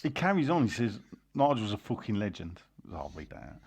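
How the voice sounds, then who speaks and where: Gravelly guy hosting a footy podcast, reading fan messages, dry jokey chat. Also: on the low side, big pitch swings, a little fast, a little mellow. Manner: reads messages aloud, dry banter. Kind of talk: casual football podcast chat.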